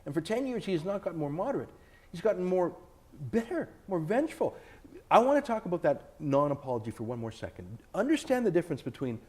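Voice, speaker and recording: Man, interview guest, emphatic, argumentative, animated pitch, warm darker tone. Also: quick pace. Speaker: author and TV host, interview guest. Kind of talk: sit-down interview. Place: indoors, filmed interview.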